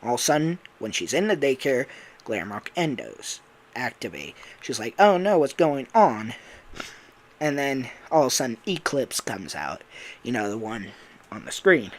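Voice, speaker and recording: A young man chatting casually about a story idea, full of fillers and little laughs. His voice sits at a mid pitch, relaxed and chatty, as he rambles through scene after scene. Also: moderate pace. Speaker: voice actor and YouTuber.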